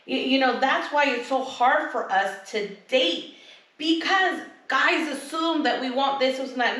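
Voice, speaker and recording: A woman's voice: unhurried, far from the mic. A woman co-hosting a podcast in casual chat, telling stories animatedly and acting out quotes in a raised voice. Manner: animated storyteller, acts out quotes in high voices. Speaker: podcast co-host. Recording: echoey room, voice set back from the mic.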